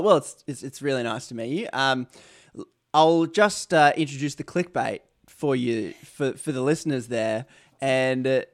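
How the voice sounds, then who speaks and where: A young Australian man hosting an interview podcast, rambling and joking at his own expense. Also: fairly high pitch. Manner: rambling, self-mocking, jokey asides. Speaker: podcast host. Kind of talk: casual interview chat.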